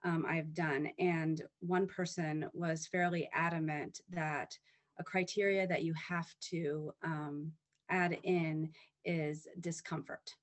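A woman's voice: sits low, flat delivery, slow pace. A woman hosting an interview, asking thoughtful, hesitant questions with many fillers.

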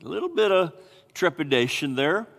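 A male pastor preaching a sermon in an animated way, acting out scripture voices with big swings in pitch. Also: moderate pace. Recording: long hall reverb.

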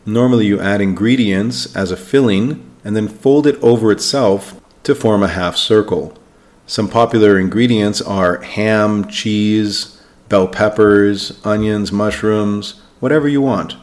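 Man teaching English vocabulary. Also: lowish voice. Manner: clear, slow spelling-out of words for learners. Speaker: podcast host, English teacher. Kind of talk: scripted vocabulary lesson.

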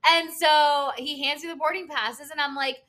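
A woman's voice: high voice, fairly even intonation, normal speed, pushed and bright. A young woman in casual chat, telling a story with lots of fillers and cursing.

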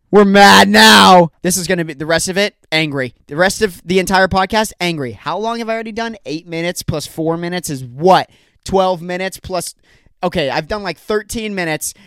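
Young male podcaster, slightly high voice, exasperated comic rant, dry home mic. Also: fairly bright tone, no room sound. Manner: exasperated, ranting, jokey asides. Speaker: podcast host. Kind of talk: solo comedic podcast rant. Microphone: home recording setup.

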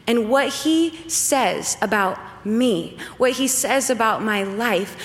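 Woman, 30s, slightly high voice, humorous testimony-style storyteller, long hall reverb. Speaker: speaker. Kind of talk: faith testimony talk.

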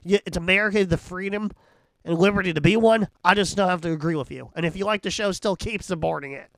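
A man's voice: high voice, fast talker, no echo, low-quality recording. A man hosting a comedy podcast, brash and joking with a lot of profanity, in casual chat.

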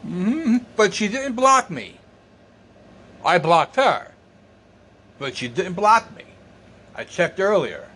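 An exasperated man vents in a rambling, unhurried way, often repeating his words and swearing. His voice sits high and swings widely in pitch, and he coughs and clears his throat between lines. Faint noise hums under the recording. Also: sing-song, sharp tone. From United States. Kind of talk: casual storytelling rant.

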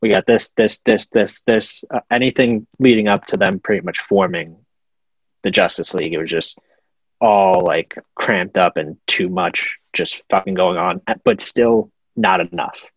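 Husky low-voiced man on a dull mic. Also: measured pace, dry recording. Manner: laid-back, profane, hesitant restarts. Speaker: podcast co-host. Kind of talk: casual film review chat. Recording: dull muffled home mic.

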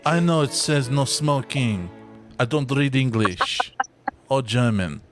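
A man's voice: mid-range voice, slow, natural voice. A man voicing a rude, foul-mouthed, middle-aged Frenchman, grumbling with contempt over a restaurant meal, with music behind. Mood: scornful. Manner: profane, grumbling, contemptuous muttering.

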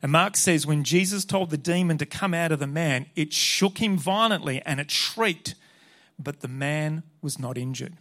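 Male pastor, slightly raised pitch, emphatic sermon delivery with Scripture readings. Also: moderate pace, fairly bright tone.

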